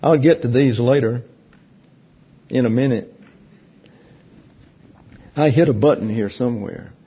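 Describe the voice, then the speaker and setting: A man leading a Bible class, teaching in a teasing, conversational way and explaining points slowly to a room of listeners. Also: medium pitch, husky. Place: church classroom with an audience. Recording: dull lo-fi recording.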